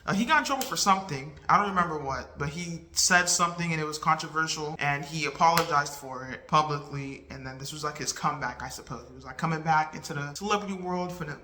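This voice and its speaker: A woman's voice: low voice, fast, hardly any pauses, bright, forceful tone, reverberant, slight background noise. A woman casually retelling a movie plot in a rambling, chatty way, losing track and correcting herself as she goes. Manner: rambling and chatty, full of "like" and "right?"; loses track and corrects herself mid-story. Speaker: vlogger reviewing a movie. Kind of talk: casual spoken movie recap.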